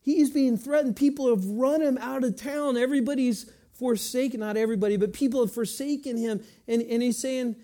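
A middle-aged man preaching a sermon, moving between quiet reflective stretches and rising, emphatic passages. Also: extremely high pitch, steady tone, a little fast, few pauses. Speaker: pastor.

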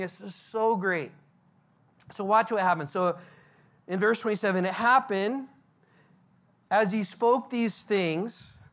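A male pastor delivering a verse-by-verse sermon at an unhurried, deliberate pace. He talks conversationally but leans hard on key words. He often puts questions to the listeners. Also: high-pitched, a bit bright. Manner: conversational, emphatic, asks the congregation questions.

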